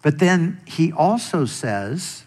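Slow, deliberate male preacher. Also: on the high side, expressive, a little mellow. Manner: slow, deliberate preaching with emphatic quoted scripture. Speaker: pastor. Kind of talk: sermon.

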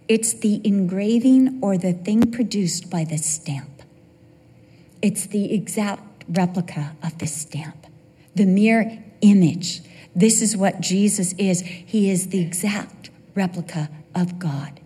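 An older woman preaching a sermon, shifting between hushed near-whispers and excited, quick bursts. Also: mid-range voice, slightly rough, in a large hall.

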